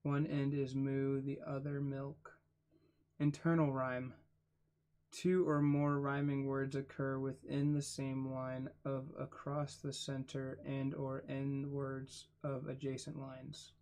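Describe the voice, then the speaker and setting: Slow, flat-voiced man reading aloud. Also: medium pitch. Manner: reads slowly, spells words out letter by letter, adds quiet asides. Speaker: channel host reading a book aloud. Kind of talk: casual read-aloud.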